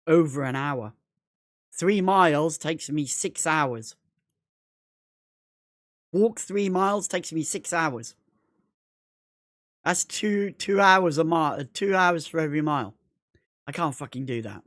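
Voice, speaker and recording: A man's voice: on the high side, takes it slowly, long pauses, a bit bright, dry recording. Rambling, foul-mouthed man on a dry mic. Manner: rambling, repetitive, heavy swearing. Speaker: gaming livestreamer. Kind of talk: casual gaming livestream chat.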